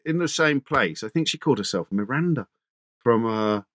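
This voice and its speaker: A man's voice: mid-range voice, expressive, normal speed, fairly bright tone, no room sound, studio quality. A middle-aged male radio presenter telling anecdotes in a chatty interview, stumbling over restarts as he goes. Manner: chatty anecdotal, frequent restarts and repeated words. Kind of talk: conversational interview storytelling.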